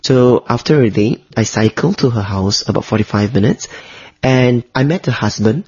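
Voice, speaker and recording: A man from Malaysia, an interview guest telling a personal story in an animated way. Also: mid-range voice, normal speed, breathy edge. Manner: animated storytelling, briefly mimics the people he quotes. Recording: dull lo-fi recording.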